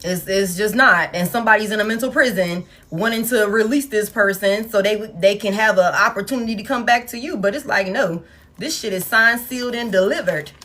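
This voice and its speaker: A woman giving a collective tarot reading, blunt, profane and animated, talking straight to her viewers. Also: medium pitch, brisk. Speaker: tarot reader.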